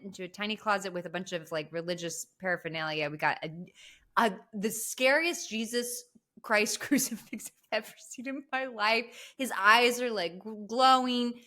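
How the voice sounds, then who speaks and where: A woman casually recapping a horror film, chatty and animated, swearing now and then. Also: medium pitch. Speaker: podcast host. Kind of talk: casual movie recap chat.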